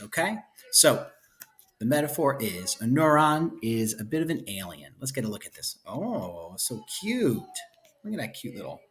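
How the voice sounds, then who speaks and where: A male teacher talks his class through a textbook chapter in a relaxed, conversational way. He drops playful asides and checks in with his listeners after almost every point. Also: mid-range voice, a little hiss or hum. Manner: chatty, checks in constantly with "right?" and "okay?"; playful asides, enthusiastic about cute pictures. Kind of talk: casual lecture walking through a book chapter.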